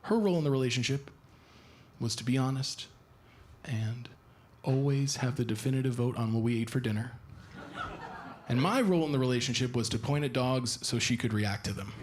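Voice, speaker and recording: A young man performing a stand-up comedy set live on stage, animated and acting out shrill impressions of his girlfriend. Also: a little fast, a little hiss or hum. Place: theater stage before a live audience. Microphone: stage microphone. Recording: live stage recording with audience laughter. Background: audience laughter and applause.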